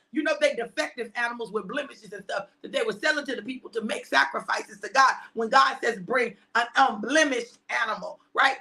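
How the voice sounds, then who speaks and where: High, bright-voiced woman preacher. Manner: animated, repeats phrases, laughs often, shouts for emphasis. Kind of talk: energetic sermon on a live stream.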